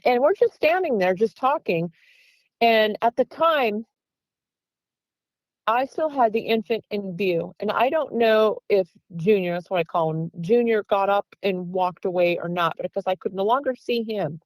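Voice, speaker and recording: A woman's voice: medium pitch, measured pace, dry recording, low-quality recording. A woman guest earnestly telling a long encounter story, acting out the quoted voices of the people in it. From Pennsylvania. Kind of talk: recounting an encounter.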